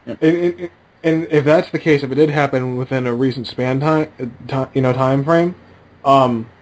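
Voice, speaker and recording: A man co-hosting a podcast, asking questions in a halting way with many fillers. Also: mid-range voice, darkish tone, poor audio. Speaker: podcast co-host. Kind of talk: casual chat.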